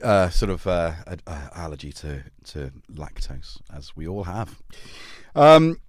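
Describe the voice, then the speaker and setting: A man chatting on his own live stream, loose and jokey, forever wandering off on tangents. His pitch swoops up and down a great deal as he talks. The sound is dry and close, with no room echo at all. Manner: rambling, jokey, full of tangents and asides to his cats. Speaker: livestream host. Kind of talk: casual live-stream chat.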